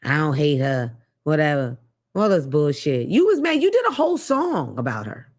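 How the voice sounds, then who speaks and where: Animated, profane woman host. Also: deep voice, moderate pace. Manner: blunt, profane, animated, laughs often. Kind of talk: casual commentary monologue.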